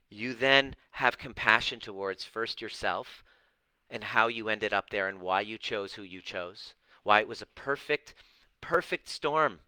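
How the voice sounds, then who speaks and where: A man's voice: medium pitch, sharp tone, no room sound, rough recording. A middle-aged man coaching on relationships and healing, talking bluntly and preachily with profanity and mocking put-on voices. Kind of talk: direct-to-camera talk answering viewers.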